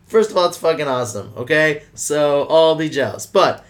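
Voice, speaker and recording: A man hosting a podcast, telling a family story in an animated, profane way and acting out the people in it. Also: on the high side, normal speed. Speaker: podcast host. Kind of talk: casual storytelling chat.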